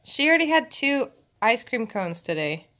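A woman's voice: a little high, very animated, moderate pace, a little hiss or hum. A young mother patiently coaxing her toddler to take turns during a family game at home. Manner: patient, coaxing, repeating gentle instructions.

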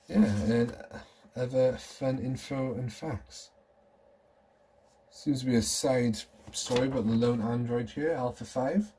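A man's voice: medium pitch, slow, mellow, slight background noise. A man in his thirties chatting casually and enthusiastically as he shows off collectibles at home. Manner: rambling, enthusiastic, nostalgic. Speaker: collector vlogger. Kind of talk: casual show-and-tell chat.

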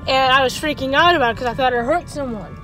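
A woman's voice: high-pitched, brisk, music in the background. A woman in her twenties telling a story in a casual, rambling vlog, chatty with frequent small laughs. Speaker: vlogger. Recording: noisy outdoor traffic background.

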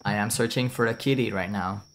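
Low-voiced man with a French accent. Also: steady tone, fairly quick, slight background noise. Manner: rambling, chatty, swears, reads chat aloud. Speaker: streamer. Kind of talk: casual gameplay commentary.

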